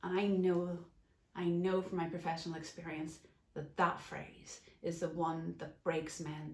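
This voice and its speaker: A woman's voice: lowish voice, level tone, a little slow, reverberant. A woman life coach and podcast host speaking off the cuff in an earnest, emphatic way. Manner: earnest, emphatic, gets emotional at times. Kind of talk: unscripted podcast monologue.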